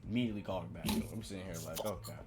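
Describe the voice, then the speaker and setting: Low-voiced man telling a story. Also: very fast, soft background music. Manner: storytelling, animated retelling with slang. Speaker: podcast co-host. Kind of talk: casual chat.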